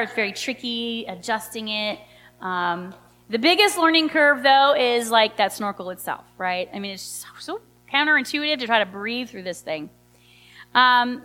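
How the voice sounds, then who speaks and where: Mom telling a story, lots of "you know"s, bright sharp voice, echoey hall. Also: female voice, a little high. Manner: animated, chatty, many fillers. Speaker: mother telling a personal story. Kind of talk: personal storytelling. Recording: long hall reverb.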